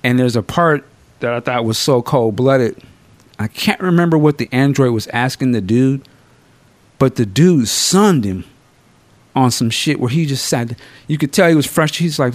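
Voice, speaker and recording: A man's voice: medium pitch, normal speed, no room sound. Slangy man hosting a podcast. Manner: slangy and profane, animated storytelling. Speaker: podcast host. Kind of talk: casual film review chat.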